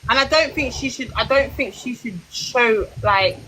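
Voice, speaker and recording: A woman's voice: on the high side, moderate pace, fairly bright tone, a little hiss or hum, rough recording. A woman hosting a casual live chat, talking bluntly and swearing now and then. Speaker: live stream host.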